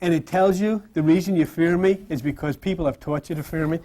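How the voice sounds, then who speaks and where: A man giving a lively, conversational sermon to a live audience, acting out the voices he quotes. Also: on the high side, a little fast. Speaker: spiritual teacher.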